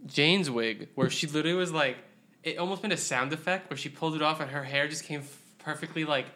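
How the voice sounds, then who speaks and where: A man chatting fast with friends about a movie, his voice bright and a little sharp. He teases the others and pokes fun at himself. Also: on the high side. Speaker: co-host reviewing a movie. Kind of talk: casual chat.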